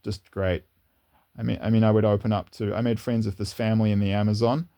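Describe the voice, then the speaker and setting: A man talking in a casual, unscripted monologue as a channel host, rambling earnestly with frequent restarts and repeated words. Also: mellow. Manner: earnest, rising in pitch when enthused. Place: lives in New Zealand, indoors.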